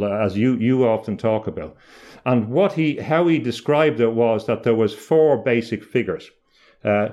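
A man speaking as an interview guest, explaining ideas in a reflective, halting way, often restarting mid-phrase with small pauses. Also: medium pitch, darkish tone.

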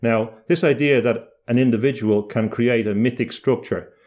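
A man's voice: mid-range voice, moderate pace, a little mellow. A middle-aged man speaking about mystical ideas in a thoughtful, lecture-like way, often restarting and repeating words.

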